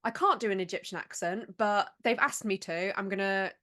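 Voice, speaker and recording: A woman host leads a casual podcast chat with her guest. She is encouraging and enthusiastic, with quick, warm reactions to what she hears. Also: medium pitch.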